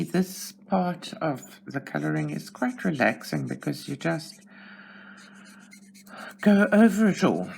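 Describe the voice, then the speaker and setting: A woman's voice: sits low, gravelly, a little mellow, slight background noise. A South African woman chatting casually as she colors, narrating her steps in a chatty, self-deprecating way. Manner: chatty, self-deprecating, talks to herself while working. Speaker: channel host. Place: at home.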